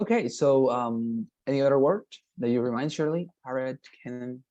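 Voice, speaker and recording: A man teaching an online English lesson, repeating words slowly and checking in with "right?". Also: medium pitch, dark tone, no room sound, highs cut off. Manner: patient, repetitive, models pronunciations slowly, frequent "right?" checks.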